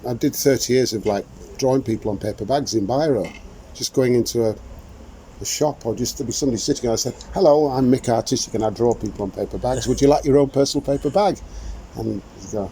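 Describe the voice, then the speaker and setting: A man's voice: mid-range voice, expressive, fast talker, mellow, a little hiss or hum, low-quality recording. An older man hosting a podcast in casual chat, telling rambling anecdotes with frequent laughs, recorded outdoors. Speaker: podcast host. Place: outdoors in the sunshine.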